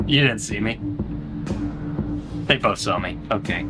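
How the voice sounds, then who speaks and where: A man's voice: lowish voice, normal speed, long pauses, music in the background. A man doing let's play commentary on a horror game, joking with his chat and letting out sudden panicked yelps. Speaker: gaming streamer.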